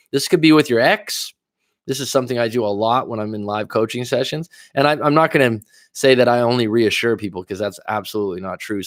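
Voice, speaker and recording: A man coaching viewers through a livestream in a loose, reflective, conversational way. His voice sits in an ordinary middle pitch, and the sound is dry and close with little room around it. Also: no echo. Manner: casual, reflective, loosely paced with asides. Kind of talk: livestream monologue.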